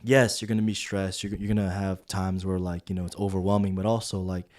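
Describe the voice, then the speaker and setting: Low-voiced man telling an animated story. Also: fairly quick. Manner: animated, acts out quoted dialogue with filler words. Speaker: podcast co-host. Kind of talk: casual storytelling chat.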